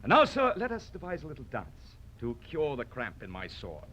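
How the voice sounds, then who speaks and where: A man's voice: mid-range voice, wildly swooping pitch, normal speed, fairly bright tone. An actor playing a proud, mocking poet swordsman with a huge nose, declaiming in theatrical old radio-drama style. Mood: scornful. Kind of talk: vintage radio drama acting.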